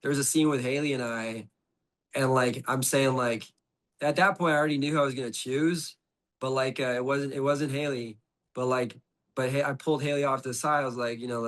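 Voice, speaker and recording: A middle-aged man appears as a podcast guest, telling a story in casual conversation. His mid-range voice is steady, fairly bright and fairly quick, and he rambles with plenty of "like" and restarts.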